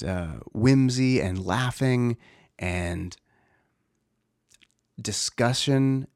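A man's voice: on the low side, vocal fry, no echo, studio quality. A man in his thirties, a father talking in a casual, reflective way, rambling with many fillers and restarts. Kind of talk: casual personal talk.

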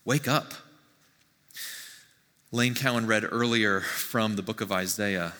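A man preaching a sermon to his church in a conversational, animated way with frequent asides. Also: lowish voice, slow, in a large hall. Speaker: pastor. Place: church sanctuary.

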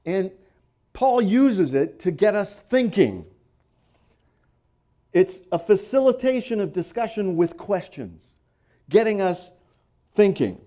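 A man's voice: high-pitched, big pitch swings, slow, long pauses, mellow. A man preaching a sermon as pastor, teaching through a passage and reading scripture aloud with strong emphasis and the odd playful aside.

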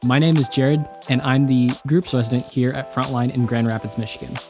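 A man calmly reading a scripted welcome as host of a church podcast. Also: mid-range voice, a little fast. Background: guitar music.

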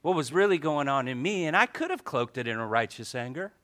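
Lively bright-voiced male pastor preaching. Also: fairly high pitch, fairly quick. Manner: animated storytelling, swings from soft asides to loud exclamations. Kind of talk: sermon.

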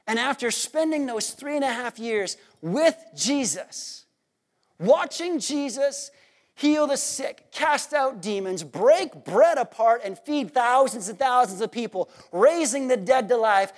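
A man preaching a sermon in an animated, worked-up and jokey way. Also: very high-pitched, a little slow.

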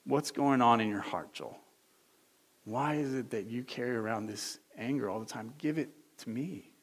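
A man voicing a gentle, loving male voice of God that speaks in a low, hushed, earnest tone. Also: normal speed, natural voice. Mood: tender. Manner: soft, hushed, earnest pleading. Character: gentle, tender male voice of God, pleading softly.

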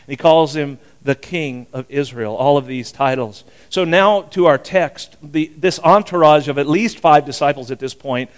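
Folksy older pastor, smooth higher voice. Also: male voice, moderate pace, few pauses. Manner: folksy, rambling, chuckles often. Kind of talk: sermon.

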